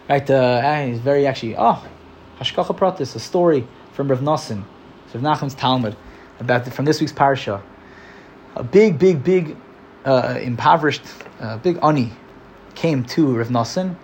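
A man's voice: fairly high pitch, a little mellow, slight background noise. A man teaching an informal religious class in a chatty, loose way, often acting out little quotes. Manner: chatty, full of "like", acts out quotes. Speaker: Torah teacher.

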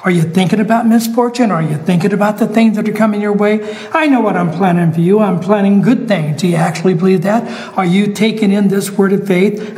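A man's voice: high-pitched, a little mellow, in a large hall, rough recording. A male pastor delivering a sermon, emphatic, repeating phrases and asking the listeners questions.

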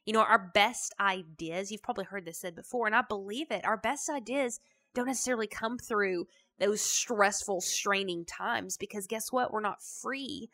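A woman hosts a motivational podcast. Her voice is bright and forward, roughened by a gravelly fry. She talks in a chatty, folksy, emphatic way. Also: medium pitch, moderate pace. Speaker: podcast host.

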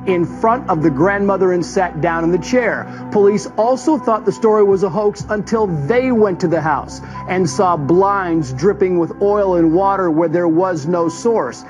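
A man reading scripted documentary narration in a steady, measured way. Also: high-pitched. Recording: muffled clip with music underneath.

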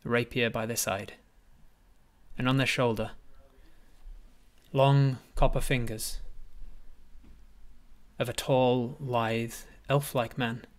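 A man's voice: mid-range voice, fairly even intonation, takes it slowly, pauses often. Guy running a tabletop game, paints the scene in detail. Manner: vivid, descriptive storytelling. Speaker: game master.

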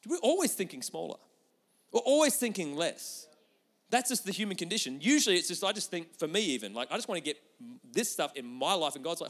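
High-voiced preacher in a big reverberant hall. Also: male voice, fairly quick. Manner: energetic, swings between loud emphasis and soft asides. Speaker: pastor. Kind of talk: sermon.

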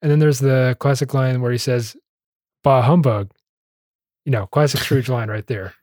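A man in casual chat, retelling a movie plot with frequent laughs and quick acted-out lines. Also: medium pitch, darkish tone, no echo, studio quality. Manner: laughs often, acts out characters' lines. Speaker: podcast co-host summarizing a film.

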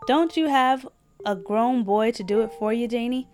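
A woman voicing a brisk small-town male official in a folksy, raised voice. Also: on the high side, a little mellow, faint music behind, close to an everyday voice. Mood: cheerful brisk.

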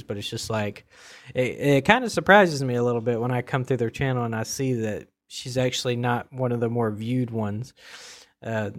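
A man with an average-pitched voice talks through his favorite comedy videos in a loose, rambling way. He restarts sentences often, leans on fillers, and chuckles now and then. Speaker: commentator on online comedy dubs. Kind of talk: casual spoken commentary.

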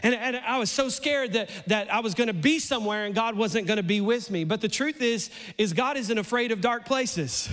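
Animated high-voiced male preacher in a hall. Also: normal speed, few pauses. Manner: animated, playful preaching that rises to near shouts. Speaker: pastor. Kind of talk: sermon. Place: church.

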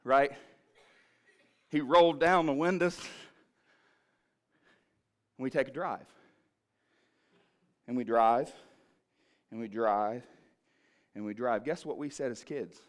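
A male pastor preaching in church, moving from shouted fervor to quiet, low storytelling. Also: slow pace, long pauses. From Ohio, USA. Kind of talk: sermon. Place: church sanctuary.

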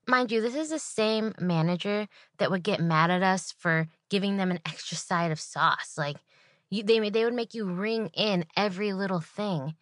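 A woman's voice: medium pitch, moderate pace, no echo, clean studio sound. A woman podcast host telling a story as a solo rant, sarcastic and exasperated.

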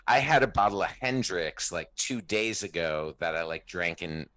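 Man, podcast co-host, casual chat, low voice, bright tone, profane. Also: expressive, normal speed. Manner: chatty, profane, laughs often.

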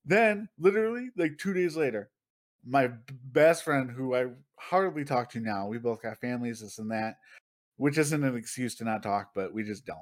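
A man in his thirties co-hosting a casual podcast, telling profane, animated stories and acting out what other people said. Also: mid-range voice, moderate pace. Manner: profane, animated storytelling with acted-out quotes. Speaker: podcast co-host.

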